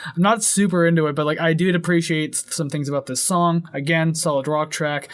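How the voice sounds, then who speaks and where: A young man with a somewhat high voice reviews music in casual chat. He hedges constantly and wanders through his points with plenty of fillers. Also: steady tone, fairly quick. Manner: rambling, hedging with many fillers. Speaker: podcast co-host.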